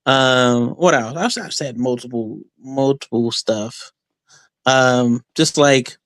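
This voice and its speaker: A man's voice: mid-range voice, slow pace, a bit bright, no room sound. A man, a guest wrestler, talking through boastful trash talk in a loose, rambling way, full of fillers and restarts. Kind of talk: casual podcast interview.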